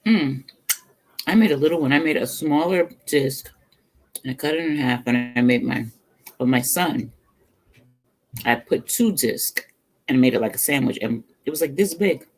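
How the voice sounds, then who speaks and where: Chatty middle-aged vlogger with vocal fry. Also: medium pitch, normal speed, pauses often. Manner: chatty storyteller, laughs often; talks between bites, murmurs over food. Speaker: cooking vlogger. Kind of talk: casual chat while eating on a livestream.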